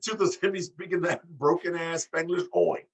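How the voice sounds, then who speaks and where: A man's voice: fairly high pitch, steady tone, moderate pace, creaky, breathy edge, far from the mic. A man co-hosting a casual wrestling podcast, tipsy and rambling, joking and laughing as he talks. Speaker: podcast co-host.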